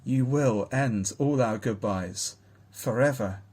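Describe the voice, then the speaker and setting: A man's voice: mid-range voice, takes it slowly, a little mellow. A man voicing a grieving, faithful woman in a children's storybook, speaking in a breathless, earnest plea.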